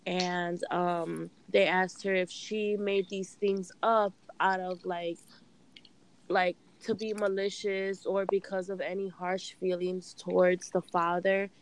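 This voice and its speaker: Woman, young adult, casual chat, slow easy pace, fillers. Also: fairly low pitch, flat delivery. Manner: laid-back storytelling with fillers. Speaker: podcast co-host.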